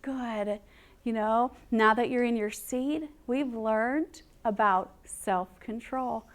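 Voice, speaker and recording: A woman's voice: fairly high pitch, slow pace. A woman teacher giving a recorded lesson to young children, playful and encouraging with a sing-song delivery.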